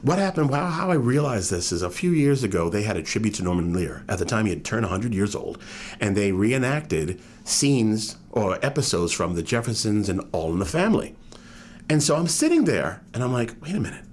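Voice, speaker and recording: A man with a non-regional American accent, a guest author telling animated stories in a casual interview. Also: lowish voice, a little fast, a little hiss or hum. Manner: animated storyteller, drops into impressions.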